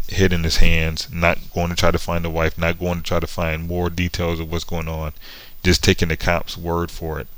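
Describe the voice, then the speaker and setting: A man's voice: deep voice, fairly bright tone, dry recording, low-quality recording. A man casually retelling a comic book story, sarcastic and often breaking into laughter. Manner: sarcastic, laughing between lines.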